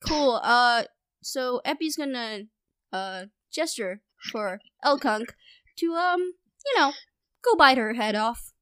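A woman's voice: on the high side, lively intonation, slow pace, sharp tone, clean tone, no echo, clean studio sound. A woman playing a tabletop game, eager and chatty. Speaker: player.

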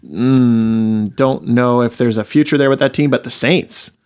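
A man's voice: medium pitch, a little slow, darkish tone, clean tone. Wry man riffing on football. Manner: wry, tangent-prone. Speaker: podcast host. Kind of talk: casual sports chat.

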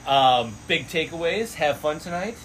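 A man's voice: fairly high pitch, expressive, a little slow, a bit bright, slight background noise, low-quality recording. A man hosting a podcast on an outdoor porch, teasing his guest in casual chat. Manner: playful, teasing. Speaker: podcast host.

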